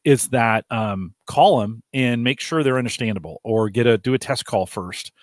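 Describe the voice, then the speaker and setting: A man's voice: medium pitch, moderate pace, no room sound, clean studio sound. A man co-hosting a live podcast, giving practical advice in a casual, explanatory way. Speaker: podcast co-host.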